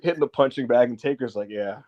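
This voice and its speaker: A man co-hosting a casual podcast, telling animated stories and laughing often. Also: medium pitch, brisk, lo-fi sound. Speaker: podcast co-host.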